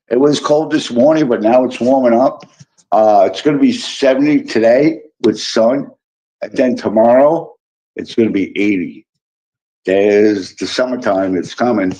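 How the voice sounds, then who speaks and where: A man's voice: mid-range voice, dark tone. A man from Illinois hosting a casual live stream, chatting with viewers and greeting them by name in a teasing way. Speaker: livestream host. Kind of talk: casual live chat reading comments. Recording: dull lo-fi sound.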